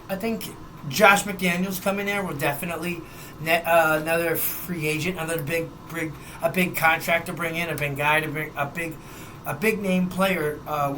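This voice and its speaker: A man's voice: sits high, sharp tone, slight background noise. A young man hosting a sports podcast, running through scores and news in a loose, chatty way with some swearing. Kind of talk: casual sports news rundown.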